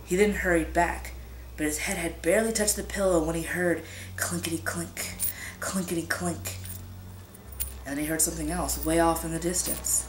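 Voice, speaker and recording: A woman reading a scary story aloud in a suspenseful, drawn-out way, whispering the sound effects. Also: fairly low pitch, fairly even intonation, slight background noise. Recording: echoey room with music behind.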